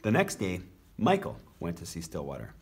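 A man reads a children's picture book aloud in an expressive, animated storytelling voice. His tone is slightly husky and his pitch rises and falls freely. He sounds like a teacher sharing a story. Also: normal speed.

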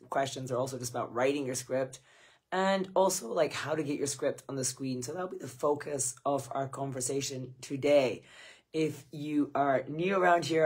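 A woman from Scotland, hosting a casual livestream Q&A. Her voice is hoarse because she is losing it, and she greets viewers by name in a chatty, effusive way. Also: very deep voice. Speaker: screenwriting coach hosting a livestream Q&A.

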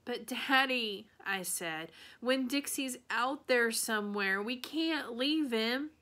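A woman's voice: fairly high pitch, animated, slow pace, pitched above the performer's own voice, full character voice. A woman reading the lines of a stubborn, heartbroken young girl in a children's story. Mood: pleading. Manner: pleading, then shouting in anger.

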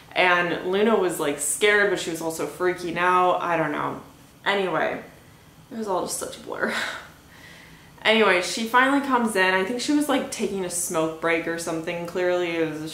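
A woman's voice: lowish voice, fairly bright tone. A young woman hosting a podcast, telling a story in a casual rambling way, full of "like" and "anyway". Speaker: podcast host. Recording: echoey room with faint hiss.

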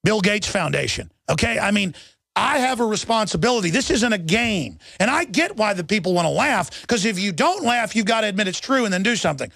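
Gravelly man ranting urgently on talk radio. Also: high voice, big pitch swings, brisk, few pauses, a bit bright, dry recording, studio quality. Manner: urgent, rambling storytelling with many restarts. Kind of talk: impassioned talk radio monologue.

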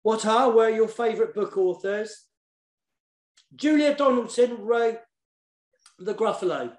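With a high-sitting voice and measured pace, a man who writes poems and books for children talks eagerly in a casual online session. The sound is roomy, and he warmly repeats words while searching for them.

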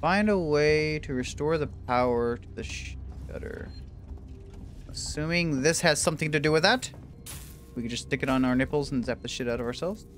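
A man commentating his gameplay, joking, swearing and yelling in bursts, then muttering low. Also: normal speed, soft background music. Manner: loud, profane, jokey, swings between shouting and mutters. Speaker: gaming streamer. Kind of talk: let's play commentary.

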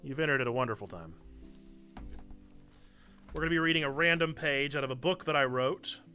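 Playful bright-voiced male streamer. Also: mid-range voice, brisk, faint music behind. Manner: playful, self-mocking, chatty asides to chat. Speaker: streamer and church community host. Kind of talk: casual live-stream chat with reading aloud.

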